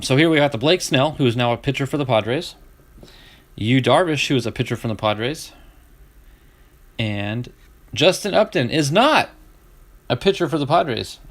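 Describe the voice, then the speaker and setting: A middle-aged man with a Southern US accent chatting casually as he opens cards, laughing easily and often restarting his sentences. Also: mid-range voice. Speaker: card-breaking streamer. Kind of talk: casual chat.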